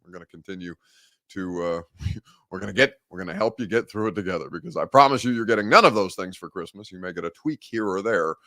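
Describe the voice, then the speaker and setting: A man's voice: low-pitched, quick pace, sharp tone, no echo. A man hosting a live sports talk show from a studio, chatting casually and answering viewer comments with wry humor.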